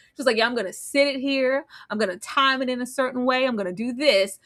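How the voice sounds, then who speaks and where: Animated woman recapping with dramatic flair. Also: high-pitched, fast, hardly any pauses. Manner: animated, dramatic retelling with voiced quotes. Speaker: co-host. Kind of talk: casual live recap chat.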